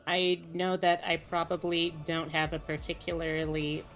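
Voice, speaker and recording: Low, unhurried woman streamer. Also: level tone, soft background music. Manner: rambling, musing aloud with many fillers. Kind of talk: casual live-stream chat while playing.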